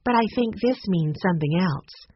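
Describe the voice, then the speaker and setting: Audiobook: level-headed teenage girl, lively lines, woman narrating. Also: fairly low pitch, normal speed, slightly rough, no room sound, muffled recording. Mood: steady. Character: sensible older teenage sister. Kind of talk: audiobook character reading.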